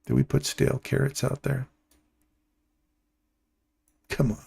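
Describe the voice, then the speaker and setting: A man's voice: medium pitch, monotone, unhurried, gravelly, darkish tone, slightly rough. A man hosting a live trading stream, giving casual, playful running commentary and talking to his viewers by name.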